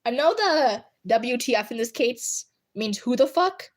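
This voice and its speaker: Giggly, lively woman chatting with her viewers. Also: fairly high pitch, a little slow. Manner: giggly and animated, often bursting into laughter. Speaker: streamer. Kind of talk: casual live chat with viewers. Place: at home at her computer.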